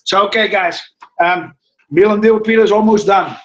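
A man's voice: sits high, brisk, a bit bright, muffled recording. A middle-aged man, hosting a casual live cooking stream and chatting to viewers in a rambling way. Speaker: cooking show host. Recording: echoey room, mic far off.

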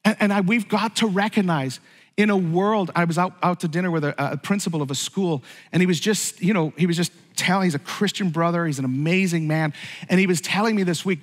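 High-voiced pastor preaching in a reverberant hall. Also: male voice, a little fast. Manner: conversational preaching, rising to fervent exclamations. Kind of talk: sermon. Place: church sanctuary. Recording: long reverb of a large hall.

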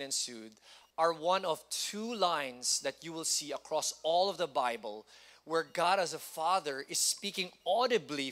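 A middle-aged man delivers a church sermon. His voice is bright and slightly high. He keeps it conversational and talks directly with the congregation. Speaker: pastor. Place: church hall.

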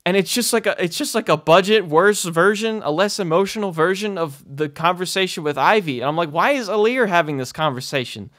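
A man's voice: high voice, brisk, few pauses, fairly bright tone, dry recording, studio quality. A man talking casually about a video game, swearing often and filling his talk with "like" and "you know". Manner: profane, lots of fillers; frequent laughing asides. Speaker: game reviewer. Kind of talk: casual spoken rant.

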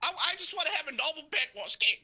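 A man's voice: very high-pitched, sing-song, racing, pushed and bright. A man chatting through a live game with friends, complaining in a whiny, melodramatic way. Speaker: gaming channel regular. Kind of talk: live gameplay chat with friends.

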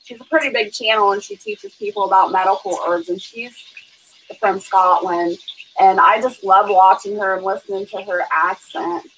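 A woman's voice: mid-range voice, fairly even intonation, normal speed, fairly bright tone, a little hiss or hum, poor audio. A woman hosting a casual live stream, chatting and reading out viewer comments. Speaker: homestead channel host.

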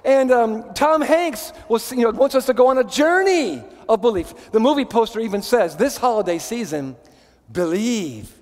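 A male pastor preaching a sermon in a church in a lively, conversational way, often stopping and restarting his sentences. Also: very high voice, normal speed, hardly any pauses, big-room sound. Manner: animated, conversational, many restarts. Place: church sanctuary.

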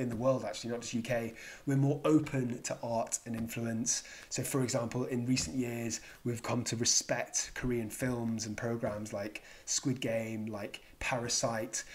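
An English man hosting a jokey explainer vlog as a psychiatrist. He is playful and self-mocking and slips in dad jokes. His pitch sits in the middle range for a man. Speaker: psychiatrist and video host.

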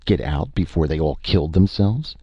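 A man voicing a gruff, blunt male spaceman who grumbles, recorded dry and slightly muffled. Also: extremely low pitch, animated, moderate pace, dry recording, pitched above the performer's own voice, exaggerated voice. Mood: pleading.

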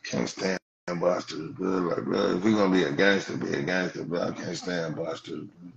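A man's voice: sits low, steady tone, normal speed, creaky. A man hosting a livestream with a Los Angeles Black English accent, mocking callers in a profane roast, saying "blood" over and over. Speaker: livestream host. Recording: dull lo-fi stream audio.

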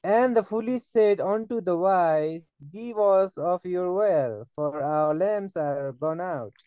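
Slow, mellow man reading scripture. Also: sits high, smooth, dry recording. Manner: slow, careful reading with occasional stumbles. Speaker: scripture reader.

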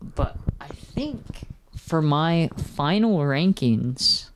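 A man's voice: a little high, big pitch swings, drawn-out words, slight background noise. Chatty male podcast host, casual review. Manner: rambling, filler-heavy, chatty.

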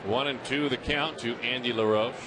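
A man calling a baseball game play by play, talkative and teasing, with playful asides between pitches. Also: steady tone, normal speed, background noise. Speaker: play-by-play announcer. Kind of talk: live baseball commentary.

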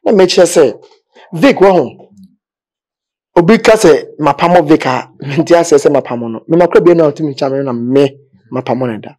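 A man's voice: fairly high pitch, moderate pace, a little mellow, slightly rough. A man with a Ghanaian accent, speaking animatedly in a casual interview, often pleading and switching into English. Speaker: gospel music manager interviewee. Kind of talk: casual radio-style interview in Twi and English.

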